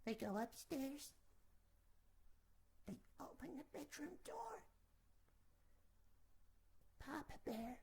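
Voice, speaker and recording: Slow, rambling high-voiced woman storyteller. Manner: rambling, with sarcastic asides. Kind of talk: comic storytelling.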